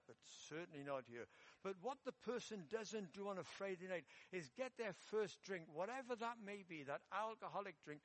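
A middle-aged man from England preaching in a church, telling a personal story in a relaxed, conversational way with self-deprecating humour. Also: sits high.

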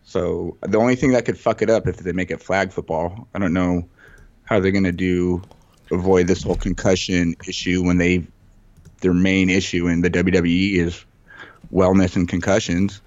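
A man's voice: deep voice, little pitch movement, normal speed, a little mellow, dry recording, dull audio. A man co-hosting a podcast, rambling casually and often saying "you know what I mean.". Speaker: podcast co-host. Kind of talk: casual chat.

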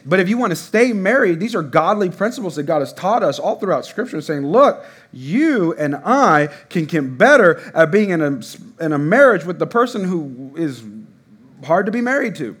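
A man in his thirties preaching a sermon in a church, casual and conversational with sudden loud bursts. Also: high voice, sing-song, moderate pace, husky. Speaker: pastor. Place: church hall before a congregation.

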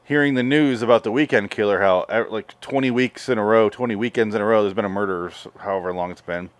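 A man's voice: fairly low pitch, fast, dry recording. A man hosting a podcast in casual, rambling, profane chat. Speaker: podcast host.

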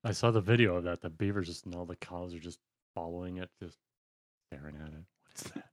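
A man's voice: low voice, quick pace, no echo, studio quality. A man co-hosting a casual podcast who laughs easily and talks with enthusiasm. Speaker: podcast co-host. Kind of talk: casual chat.

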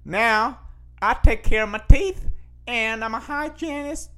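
A man's voice: extremely high pitch, measured pace, a bit bright, smooth, faint music behind. A young man hosting a podcast, telling a rambling, self-mocking story in a casual monologue full of fillers and restarts. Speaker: podcast host.

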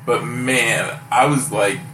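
A man chatting as a podcast host, animated and quick to laugh, acting out other people's lines in a raised voice. He sounds far from the mic in an echoey room with steady noise behind him. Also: mid-range voice. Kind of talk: casual chat and storytelling. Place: house, indoors.

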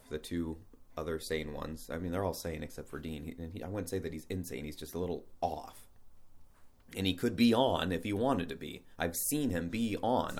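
A man with a fairly low voice talking in a casual, unscripted monologue. He wanders through his point, often restarting sentences and stacking up rhetorical questions as he thinks aloud. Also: darkish tone.

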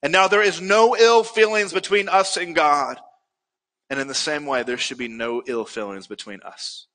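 A man's voice: a little high, normal speed, bright, forceful tone, big-room sound. A male pastor preaching a sermon earnestly, building to emphatic peaks.

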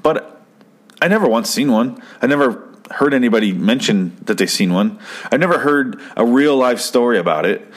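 A young man from Arizona chatting casually, rambling and profane, with deadpan jokes. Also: mid-range voice, normal speed. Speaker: podcast host reviewing an episode. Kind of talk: casual chat.

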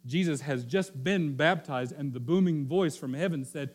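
A male pastor giving a sermon, telling the story with animated, repeated phrases and frequent restarts. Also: a little high, normal speed, hardly any pauses.

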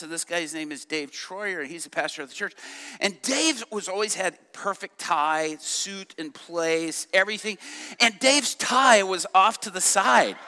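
High bright guy preaching, animated storyteller, echoey church hall. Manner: animated, laughing, acts out voices in his stories. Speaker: youth pastor telling a story from the pulpit. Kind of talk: sermon storytelling.

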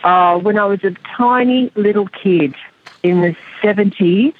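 A woman's voice: medium pitch, measured pace. A woman in her fifties with an Australian accent, chatting easily as a guest astrologer and laughing often. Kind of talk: casual interview. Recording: dry, tinny phone line.

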